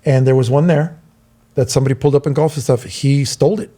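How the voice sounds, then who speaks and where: A man's voice: medium pitch, fast. A middle-aged man from Southern California casually telling a long story on a podcast, acting out the voices of the people in it. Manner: animated, acts out quoted voices. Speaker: podcast co-host.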